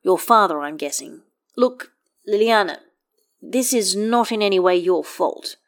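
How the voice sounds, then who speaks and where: A woman's voice: mid-range voice, measured pace, natural voice. A woman voicing a tired, politely exasperated wizard man with a dry wit, reading fan fiction aloud. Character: weary, polite, dryly witty wizard man.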